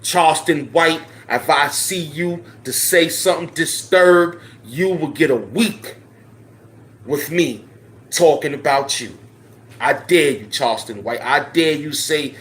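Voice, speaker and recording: A man hosting his own channel, delivering a profane, confrontational rant straight to the camera. He repeats his dares over and over, dropping to a low mutter and then climbing to loud challenges. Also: a little slow. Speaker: channel host.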